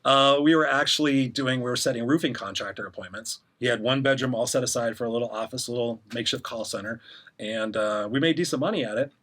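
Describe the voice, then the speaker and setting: A man's voice: mid-range voice, quick pace, fairly bright tone. A middle-aged man, a podcast guest, candidly telling his story in casual interview talk and acting out the voices he quotes.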